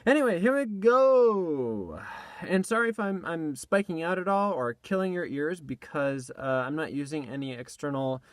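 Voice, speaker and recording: A man's voice: a little high, moderate pace, few pauses, a bit bright, dry recording. A young man chatting casually about his voice recording session, rambling with lots of fillers, recorded on a tablet mic in a small clothes-filled closet. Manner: rambling, self-deprecating, lots of fillers and restarts. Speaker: voice actor vlogging a recording session. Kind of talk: casual behind-the-scenes chat. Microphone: tablet's built-in mic.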